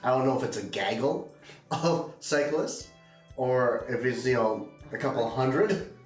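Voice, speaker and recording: A man's voice: medium pitch, unhurried, recorded from a distance. A man hosting a casual beer-review show, talking in a goofy, rambling way. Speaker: podcast host. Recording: roomy, off-mic, faint music.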